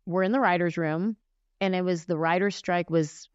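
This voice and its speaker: A woman in her forties, a comedian and guest on a podcast, telling stories in a casual, animated way and acting out the voices she describes. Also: lowish voice, moderate pace, smooth, no room sound. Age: 40s. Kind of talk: casual storytelling in a podcast interview. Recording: dry, slightly muffled lo-fi sound.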